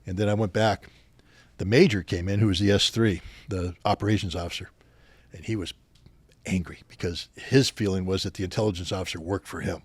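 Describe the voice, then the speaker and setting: A man's voice: low voice, steady tone, brisk, husky, no room sound. A man in his sixties, a podcast guest, telling anecdotes with animation and acting out the officers he quotes. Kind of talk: storytelling in a podcast interview.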